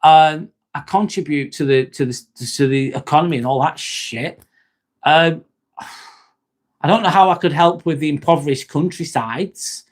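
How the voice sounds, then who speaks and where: A man's voice: a little high, moderate pace. Chatty man in his forties. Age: 40s. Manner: chatty, blunt, often trails off into "um" and "mate". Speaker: livestream host and nurse. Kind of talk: casual livestream chat with viewers.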